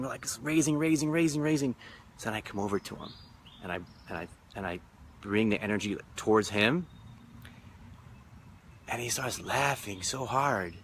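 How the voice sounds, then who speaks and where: A man with a lowish, bright, forceful voice reflects on a retreat in a live stream. He repeats phrases in a rhythmic, emphatic way, and faint traffic noise sits behind him. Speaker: spiritual retreat leader. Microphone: phone or webcam live stream.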